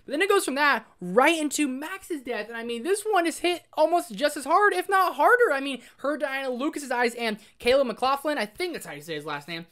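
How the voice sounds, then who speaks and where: A man giving a casual spoiler review of a show. He gushes excitedly, says "like" constantly, and swings from loud exclamations to hushed emotional asides. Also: very high-pitched, a little fast, hardly any pauses. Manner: excitable, gushing, heavy use of "like". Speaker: film review host.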